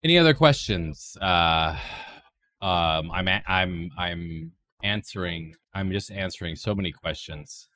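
A man on a livestream doing a goofy impersonation of another streamer, rambling and playful, swinging from silly squeals to deadpan mumbles. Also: low voice, measured pace. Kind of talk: comedic stream chat impersonating a woman streamer.

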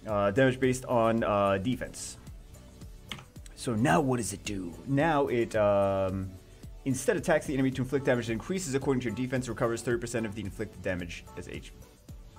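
A man giving casual, excited commentary on a game update, rambling with many restarts and fillers. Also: medium pitch, moderate pace, soft background music.

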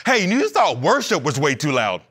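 A man preaching a sermon as pastor in a church, animated, with playful asides and acted-out quotes. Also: a little high, normal speed, breathy edge. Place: church sanctuary.

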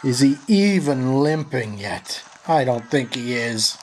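Exasperated male gamer narrating his hunt, cursing at his helpers, mid-pitched, faint hiss behind him. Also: lively intonation, slow pace. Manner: frustrated, swearing, sarcastic. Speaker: gameplay commentator. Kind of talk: profane live gameplay commentary.

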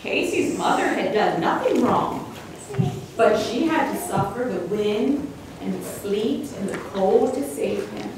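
A woman reading a suspenseful children's story aloud in a church, with expressive storytelling. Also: mid-range voice, a little slow, a crowd in the background. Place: church sanctuary. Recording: very echoey hall, distant mic.

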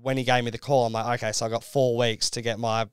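A man's voice: medium pitch, flat delivery, quick pace, clean tone, no echo. A young Australian man telling a story as a podcast guest, laid-back and full of "like"s. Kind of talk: casual chat.

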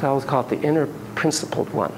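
A man giving a classroom lecture on parenting in an animated, joking way, acting out the examples. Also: mid-range voice, racing, background noise. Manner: animated, jokey, acts out examples. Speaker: psychology lecturer.

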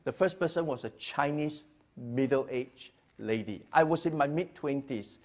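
A middle-aged pastor telling his story to a gathering. His voice sits at a medium pitch. He swings between quiet, low stretches and loud, lively ones, often repeating words as he goes. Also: a little slow. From Singapore. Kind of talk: personal testimony talk.

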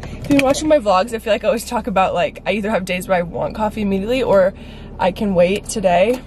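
A woman's voice: medium pitch, fast, low-quality recording. A woman chatting casually to her phone camera while outdoors, peppering her talk with "like.". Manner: chatty, lots of "like" fillers. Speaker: vlogger. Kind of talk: casual vlog chat to camera. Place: outdoors, walking streets and yard. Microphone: phone camera held by hand. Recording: phone vlog with loud outdoor traffic noise.

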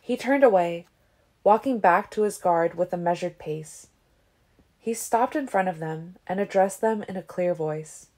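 A woman reading a novel aloud as an audiobook, with steady, even storytelling. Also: fairly low pitch, a little slow. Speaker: audiobook reader. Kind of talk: audiobook narration.

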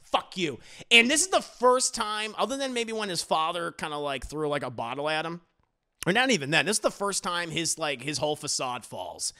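A man casually recapping a TV episode, animated and profane, acting out the scenes as he goes. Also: a little high, brisk. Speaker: TV reviewer.

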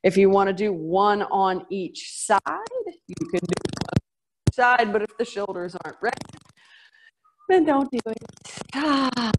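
A woman's voice: medium pitch, unhurried, pauses often, noisy background. A middle-aged woman with a Southern US accent, leading a workout class in a bubbly, playful way. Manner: bubbly, playful, with little sound effects and laughs. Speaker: fitness instructor. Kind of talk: guided workout instruction.

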